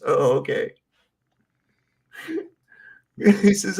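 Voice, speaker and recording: A man's voice: medium pitch, expressive, moderate pace. A man chatting casually on a livestream, swearing freely, laughing often and acting out movie scenes.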